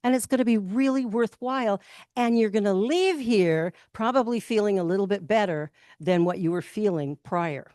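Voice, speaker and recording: A Canadian woman minister giving a casual, candid spoken sermon, chatty and quick to laugh. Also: medium pitch, a little mellow, dry recording, clean studio sound. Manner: chatty and candid, laughs often, acts out quotes. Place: spiritual centre in Toronto.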